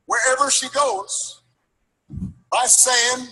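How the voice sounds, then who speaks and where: High-pitched man telling a rousing story. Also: very animated, vocal fry, sharp tone, breathy edge, poor audio. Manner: building, rhythmic delivery with repeated phrases; halting restarts. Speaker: political speaker. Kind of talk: storytelling speech.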